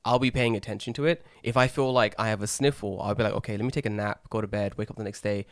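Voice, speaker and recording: A man's voice: fairly low pitch, fast talker, no room sound, studio quality. Swearing young guy telling a story. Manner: rambling, swears a lot, animated when acting out others. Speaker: podcast co-host. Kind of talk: casual storytelling chat.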